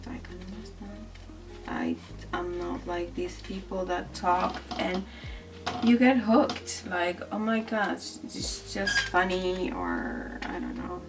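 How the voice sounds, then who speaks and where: A woman chats in a slow, unhurried ramble while she colors, laughing at herself and picking at her own voice. Her tone has a slightly gravelly edge. She sounds a bit distant, picked up by a camera set above her desk, with soft music playing behind. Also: fairly low pitch. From grew up in the Netherlands from age thirteen. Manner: self-deprecating, rambling, laughs often. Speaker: art vlogger. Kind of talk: casual chat while coloring. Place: indoors at a desk. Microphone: camera overhead, some distance away. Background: soft background music.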